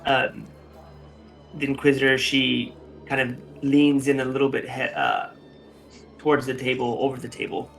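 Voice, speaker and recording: A man narrating a tabletop game as game master, relaxed and full of fillers. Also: mid-range voice, normal speed, vocal fry, pauses often, soft background music.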